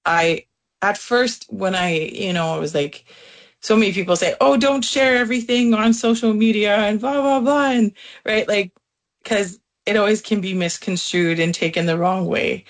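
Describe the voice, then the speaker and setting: A woman, a voice teacher, answering an interview in a rambling, halting way with many fillers. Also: fairly low pitch.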